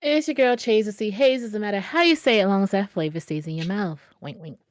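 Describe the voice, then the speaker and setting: A woman's voice: medium pitch, animated, quick pace, no echo, studio quality. A woman co-hosting a podcast, chatting in a playful, slangy way. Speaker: podcast co-host. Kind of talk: casual chat.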